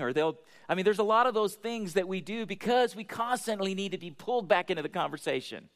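A man's voice: high-pitched, expressive, quick pace, few pauses, a bit bright. A middle-aged man preaching a conversational sermon, chatty and self-deprecating, often asking the congregation questions. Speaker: pastor.

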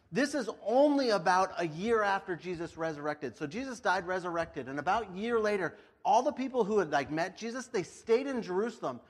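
High-voiced, chatty male preacher. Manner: chatty, laughs often, lots of "like"; storytelling, acts out voices. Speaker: pastor. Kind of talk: casual sermon.

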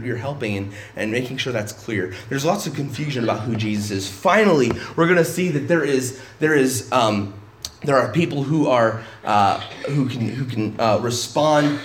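A man's voice: mid-range voice, roomy sound, a little hiss or hum. A male pastor preaching a sermon in an emphatic, conversational way, often breaking off and restarting his sentences.

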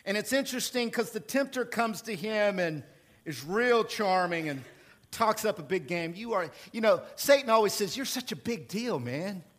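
A male pastor preaching a sermon in an animated, playful way, with sudden jumps in pitch and volume. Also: moderate pace.

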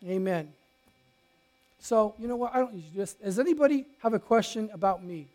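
A man preaching a sermon as a pastor, telling a personal story with lively swings from loud to quiet and frequent restarts. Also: high voice, fairly quick.

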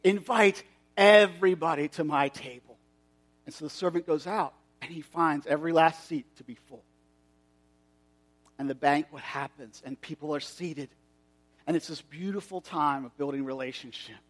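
A male pastor giving a sermon, retelling a parable in a casual, conversational way with quick asides. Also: a little high. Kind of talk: sermon with storytelling.

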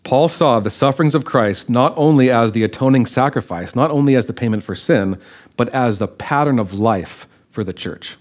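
Guy preaching a bible lesson, middle pitch, chatty, keeps asking the room if they're with him. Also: moderate pace. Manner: conversational, checks in with listeners. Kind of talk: sermon-style Bible teaching.

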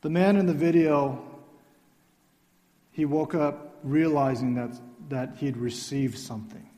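A man preaching a sermon as pastor, earnest, dropping to soft tones for emphasis. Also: mid-range voice, a little slow. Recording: long reverb of a hall.

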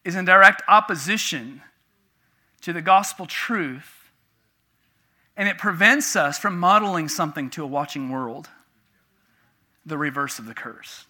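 Bright, high-voiced male preacher. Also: normal speed. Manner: passionate, swings between loud emphasis and quiet asides. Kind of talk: sermon.

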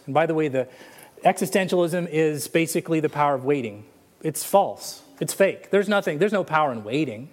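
Humorous male pastor preaching a sermon. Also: a little high. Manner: storytelling with humor. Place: church sanctuary.

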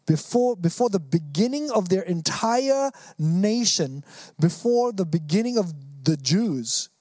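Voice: medium pitch, animated, a little slow, warm tone, dry recording. Emphatic preacher, dry close sound. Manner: earnest, emphatic, acts out quotes in voices. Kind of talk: sermon.

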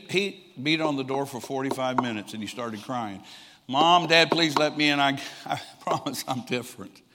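Older man preaching in a reverberant hall. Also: medium pitch. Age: 60s. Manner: animated storyteller who acts out quoted people and chuckles often. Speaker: traveling preacher. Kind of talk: storytelling sermon.

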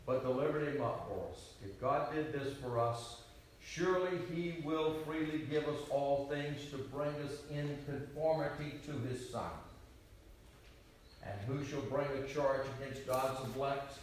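A man preaching a sermon, swinging between loud, ringing declarations and quiet, hushed asides. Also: medium pitch, measured pace, slight background noise. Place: retreat meeting hall. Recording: echoey room, voice from far off.

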